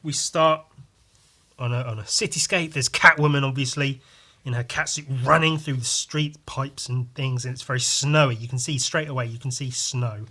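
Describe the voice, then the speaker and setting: A man hosting a podcast, chatting casually about a comic and swearing freely as he retells it with lively exclamations. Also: medium pitch, normal speed. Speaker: podcast host. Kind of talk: casual comic review chat.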